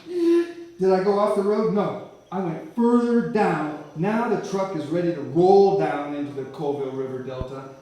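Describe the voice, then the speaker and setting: A man telling his life story from the church floor, vivid and animated, often breaking off to restart a phrase. His voice sits a little high for a man. A very echoey hall carries it to a mic some distance away. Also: moderate pace. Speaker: church speaker giving a testimony. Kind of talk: storytelling sermon testimony.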